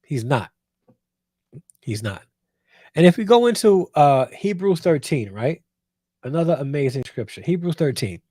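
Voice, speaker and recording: A man's voice: a little high, lively intonation, moderate pace, mellow, dry recording. A man hosting a show, giving emphatic Bible commentary and repeating phrases for weight. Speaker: host.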